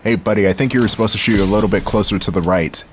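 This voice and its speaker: Laid-back low-voiced man narrating gameplay. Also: racing, background noise. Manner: laid-back, wry, talks to the viewer while playing. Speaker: gaming channel host. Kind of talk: casual let's-play commentary.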